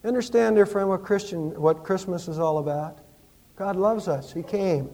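A man preaching a Christmas sermon in a church, with impassioned rises and hushed storytelling. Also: high voice, normal speed. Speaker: pastor.

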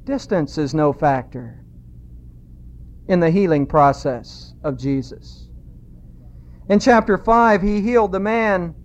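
A man preaching a sermon, emphatic and repeating key phrases, slowing down when he quotes scripture. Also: high-pitched, expressive. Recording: dull lo-fi sound.

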